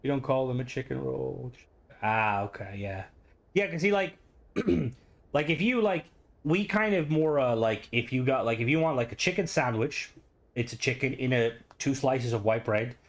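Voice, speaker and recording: A man's voice: mid-range voice, lively intonation, moderate pace, gravelly. An Irish man streaming a game, chatting casually and rambling with many fillers. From Ireland. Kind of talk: casual gaming stream chat.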